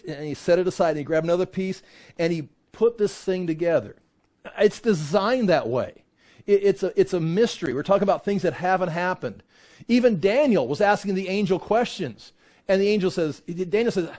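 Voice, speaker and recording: A middle-aged man teaches a Bible class with a lot of energy. His voice sits high and jumps around a lot in pitch. He slips in sarcastic asides and mock voices as he explains. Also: a little mellow.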